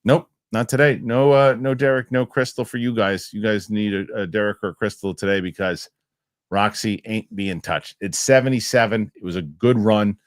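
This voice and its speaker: A man's voice: on the low side, steady tone, normal speed, no room sound, clean studio sound. A man hosting a casual live show, rambling loosely and reading viewer comments aloud. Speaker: host.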